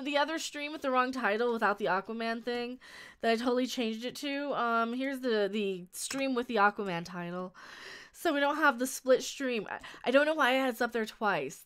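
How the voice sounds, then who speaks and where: A woman's voice: a little high, fairly bright tone, smooth. A woman chatting casually on a live stream, reading viewer comments and giving blunt opinions, rambling with frequent restarts and laughs.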